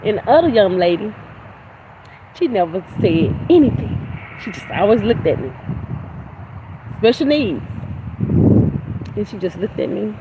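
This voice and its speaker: A woman's voice: medium pitch, very animated, unhurried, long pauses, dark tone, low-quality recording. Blunt, preachy woman over street noise. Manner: blunt, emphatic, preachy, with spiritual talk and cursing. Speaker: livestream host. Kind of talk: casual livestream monologue.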